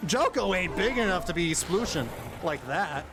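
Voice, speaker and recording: A man's voice: high voice, animated, moderate pace, background noise. A man streaming a game, chatting and joking casually, often exclaiming in surprise. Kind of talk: casual live-stream commentary.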